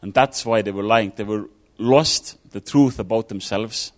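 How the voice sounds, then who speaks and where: A man's voice: on the low side, a little slow, hardly any pauses. A man giving an informal sermon, talking it through casually with fillers and restarts. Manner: conversational, thinking aloud with fillers and restarts. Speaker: preacher.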